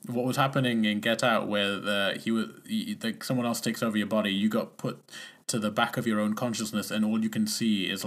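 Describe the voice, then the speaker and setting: A man's voice: lowish voice, a bit bright. A man casually recapping a TV episode, rambling and acting out characters' lines. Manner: rambling, acts out characters' lines, frequent restarts.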